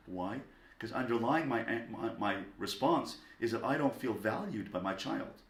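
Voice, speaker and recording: Man, rabbi, parenting lecture, calm and deliberate, deep voice, echoey room. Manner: calm and deliberate, stressing single words.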